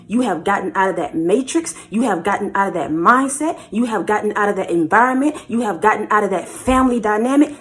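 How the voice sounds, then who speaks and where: Emphatic woman preaching to her viewers. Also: mid-range voice. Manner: emphatic and repetitive, calls listener baby; swings from loud declarations to hushed asides. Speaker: spiritual channel host. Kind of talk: motivational preaching to camera.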